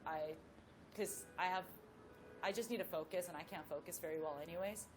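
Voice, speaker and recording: A woman, a professional golfer, telling a story as a guest in a casual chat with lively asides. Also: lowish voice, fairly quick, over music.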